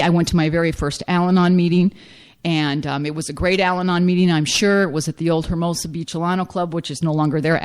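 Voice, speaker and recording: A woman's voice: sits low, a little mellow, clear, resonant tone. A middle-aged woman giving a frank, self-mocking personal recovery testimony as a speaker at a meeting.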